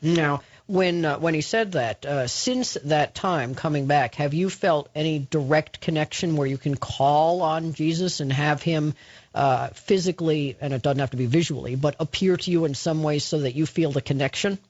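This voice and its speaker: A man with a somewhat high voice hosts a radio talk show. He speaks in a measured way, pausing on fillers. The sound is dry and slightly muffled. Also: dry recording. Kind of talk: late-night radio interview.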